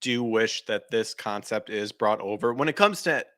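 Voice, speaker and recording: Here the host's voice is fairly low, expressive and a bit bright, at a moderate pace in studio-quality sound without echo. Casual and blunt, he delivers an emphatic opinion rant, cursing frequently while restarting lines and trailing off mid-sentence.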